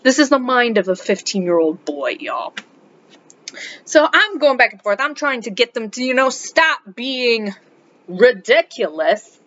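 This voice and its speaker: A woman who teaches high school English, from South America, telling a story in a casual vlog, animated and exasperated, dropping to muttered asides. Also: unhurried. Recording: dull lo-fi recording.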